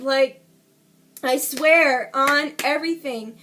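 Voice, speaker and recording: High-voiced woman telling a raw story. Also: animated, slow pace, bright, forceful tone. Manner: candid, casual, swearing freely; emotional play-by-play retelling. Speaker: vlogger. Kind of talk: storytime vlog.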